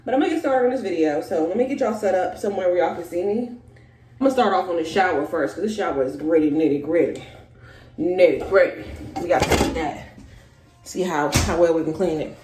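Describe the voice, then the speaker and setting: Talking fast in a lowish, slightly mellow voice, a young pregnant woman addresses her viewers directly during a casual clean-with-me vlog in her bathroom. She's out of breath, and the home recording is echoey with faint noise.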